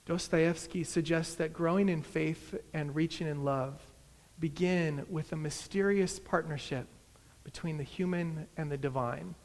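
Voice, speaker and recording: A man preaching a sermon, retelling a story slowly and dramatically in a large church. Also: on the high side, steady tone, darkish tone. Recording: long hall reverb.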